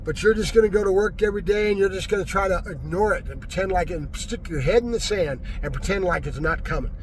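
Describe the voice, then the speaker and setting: A man's voice: sits high, fast talker, a little hiss or hum. A man ranting angrily to his viewers in a political vlog, agitated and repetitive, tagging his points with "right?". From California. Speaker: vlogger. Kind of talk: angry political rant to camera.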